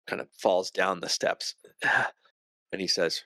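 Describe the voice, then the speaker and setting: A man narrating a tabletop game as game master, describing scenes slowly with pauses. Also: sits low, fairly even intonation, pushed and bright, dry recording.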